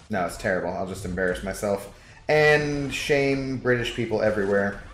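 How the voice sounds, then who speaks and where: Young man, game streamer, lowish voice, laid-back rambling chat, echoey room, faint music behind. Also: normal speed. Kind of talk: casual livestream chat.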